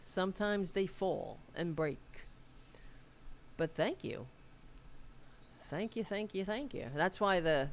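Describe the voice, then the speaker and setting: A woman's voice: fairly low pitch, a little hiss or hum. A woman hosting a casual livestream, rambling as she reads aloud and answers viewer comments, with a Staten Island accent. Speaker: host.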